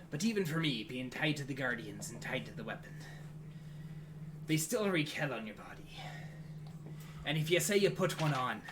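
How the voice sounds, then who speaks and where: A man's voice: on the high side, noisy background, close to an everyday voice. A man voicing an exhausted ancient male guardian, weary and grave.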